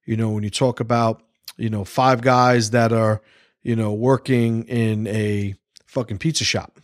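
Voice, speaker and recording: A man's voice: fairly low pitch, steady tone, a little slow, no echo, clean studio sound. A man hosting a casual livestream podcast, rambling, swearing freely and restarting his sentences. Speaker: podcast host.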